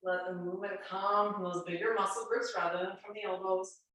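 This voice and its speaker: A woman's voice: medium pitch, steady tone, fairly quick, fairly bright tone. A woman fitness instructor with a congested, nasal voice, giving chatty, reassuring cues through a guided workout. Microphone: camera mic at a distance. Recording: very echoey room, voice far from mic.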